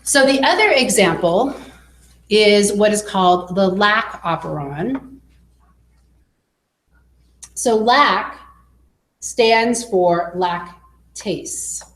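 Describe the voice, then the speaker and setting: A woman teaching a biology class, explaining slowly and checking in with her students as she goes. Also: medium pitch, expressive, a bit bright. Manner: slow, explanatory, checks in with okay. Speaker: biology instructor. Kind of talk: classroom lecture. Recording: echoey classroom with faint noise.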